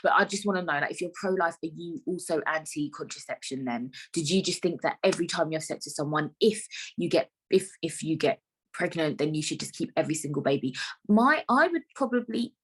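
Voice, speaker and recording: A woman's voice: sits low, expressive, fairly quick, fairly bright tone, breathy edge. Frank, sweary woman podcaster. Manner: frank, rambling, swears freely. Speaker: podcast host. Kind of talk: casual solo podcast monologue.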